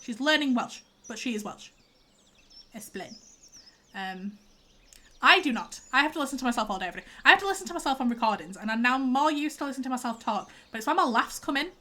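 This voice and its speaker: A woman's voice: on the high side, expressive, quick pace, sharp tone. A young woman, chatting and rambling casually as a streamer while she plays. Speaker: streamer host. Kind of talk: casual chat while gaming.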